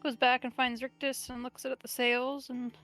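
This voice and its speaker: Woman player chatting through a tabletop game, kinda high voice, music faint in the background. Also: flat delivery, normal speed, fairly bright tone. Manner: casual, describes her character's actions. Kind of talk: tabletop role-play chat.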